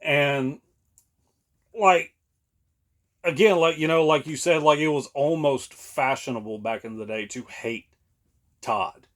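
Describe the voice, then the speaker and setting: A man's voice: on the high side, takes it slowly, pauses often, a bit bright. A man, co-hosting a podcast in casual chat, rambling with many fillers and laughing often. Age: late 30s. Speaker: podcast co-host.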